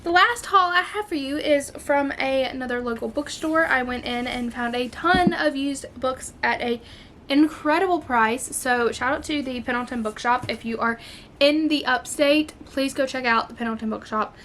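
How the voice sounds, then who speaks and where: Woman vlogger, gushing and excitable, voice on the high side, loose and chatty with fillers. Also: normal speed, slight background noise. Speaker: book vlogger. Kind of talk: casual chat.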